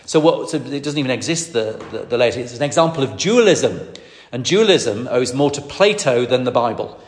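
A middle-aged man preaches at a middle pitch. He speaks emphatically, often repeating words and restarting phrases. His voice carries the long reverb of a large hall. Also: animated, a little fast. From Lancashire, England. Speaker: preacher, ordained minister. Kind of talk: sermon.

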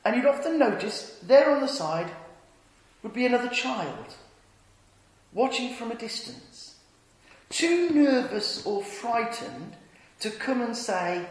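A man's voice: very animated, takes it slowly, pauses often. Light-voiced male preacher in an echoing hall. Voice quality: light voice that never deepened. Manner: anecdotal and self-deprecating, quiet and tender in the lines of Jesus. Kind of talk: sermon. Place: church hall. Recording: echoey hall, long reverb.

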